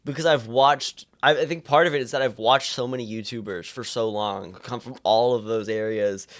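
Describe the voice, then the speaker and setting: A man's voice: mid-range voice, moderate pace, a bit bright. A young man streaming live, chatting casually and rambling with lots of stammered restarts.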